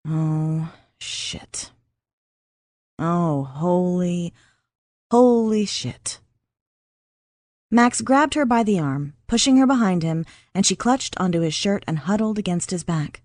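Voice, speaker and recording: In a steady, measured delivery, a woman narrates a scripted audiobook. Her pitch is medium, recorded in clean studio sound without echo.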